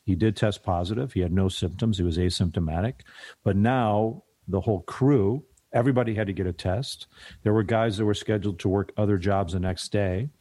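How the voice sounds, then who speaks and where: Man, husky, lowish voice, casual podcast chat, halting storytelling. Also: dark tone, dry recording. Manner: storytelling, hesitant with ums. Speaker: podcast co-host.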